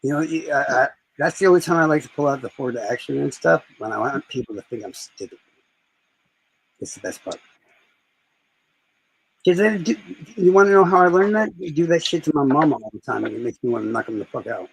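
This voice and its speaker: Male streamer, casual chat; rough, husky voice, rambling delivery. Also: mid-range voice, expressive, fairly quick, long pauses, low-quality recording. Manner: rambling, profane storytelling.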